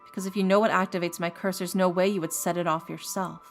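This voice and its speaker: A woman's voice: on the low side, fairly even intonation, quick pace, faint music behind, natural voice. Woman doing a drawling young man in a tight spot. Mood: tense. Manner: cowboy-style voice.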